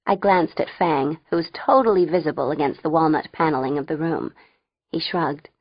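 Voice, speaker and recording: A woman's voice: deep voice, moderate pace, husky, no room sound, highs cut off. A woman narrating a first-person audiobook in a wry, conversational way.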